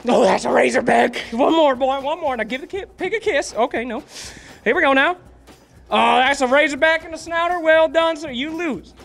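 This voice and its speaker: Very high-voiced, shouty male event host. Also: normal speed, gravelly, faint music behind. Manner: exaggerated, shouty, excitable. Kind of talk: comedic hype segment. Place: esports event venue, indoors.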